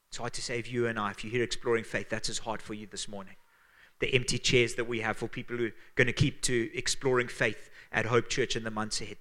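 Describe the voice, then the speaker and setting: Earnest Zimbabwean preacher, bright lower voice. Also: male voice, level tone, brisk. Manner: earnest, emphatic preaching with hushed dramatic drops. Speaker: pastor. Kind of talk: sermon.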